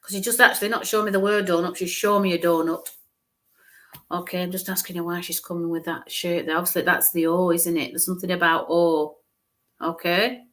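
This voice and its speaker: A woman's voice: on the low side, level tone, fairly quick, a bit bright. A woman medium giving a live-streamed psychic reading, musing aloud, hesitant, repeating sounds and letters.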